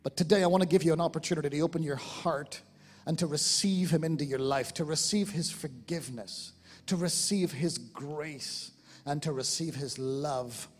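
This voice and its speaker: A man with an Irish accent, the lead pastor of a church, preaching a fervent sermon that swings between loud exclamations and quiet appeals. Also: a little high, moderate pace, big-room sound. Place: large church hall.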